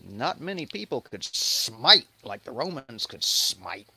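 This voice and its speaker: A man's voice: medium pitch, sing-song, slow pace, bright, forceful tone, breathy edge, no echo. Sardonic, profane man hosting a livestream. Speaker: host. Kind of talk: casual livestream commentary.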